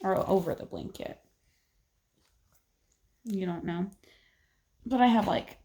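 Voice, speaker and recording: A woman's voice: medium pitch, takes it slowly, pauses often, mellow, slight background noise. A young woman from Texas with a Texan accent, chatting casually about books in a vlog and laughing easily. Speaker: book vlogger. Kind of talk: casual chat.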